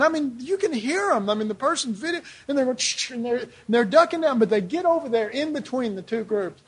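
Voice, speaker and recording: A man's voice: very high-pitched, lively intonation, a little fast, hardly any pauses, husky. A man preaching a sermon in a loose, conversational way, with lots of rhetorical questions and "you know"s.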